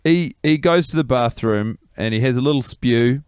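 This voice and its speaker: A man co-hosting a comedy podcast, recapping a film scene in an animated, exasperated way. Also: medium pitch, normal speed, smooth, dry recording, clean studio sound. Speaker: podcast co-host.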